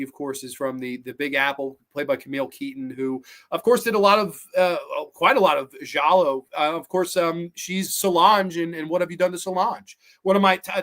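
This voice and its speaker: A man hosting a show that reviews horror films, talking in an animated, profane way with many fillers and restarts. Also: a little high. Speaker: podcast host reviewing films. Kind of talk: casual film review monologue.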